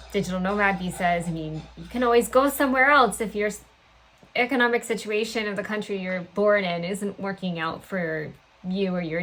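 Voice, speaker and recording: A woman's voice: mid-range voice, fairly bright tone, a little hiss or hum, poor audio. A woman hosting a podcast interview, upbeat and chatty. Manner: upbeat, chatty, quick to laugh. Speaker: podcast host. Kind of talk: casual interview.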